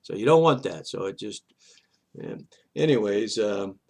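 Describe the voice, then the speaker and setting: A man's voice: fairly low pitch, creaky. Older man rambling through a story. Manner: rambling, animated, halting storyteller. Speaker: vlog host. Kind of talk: casual personal storytelling.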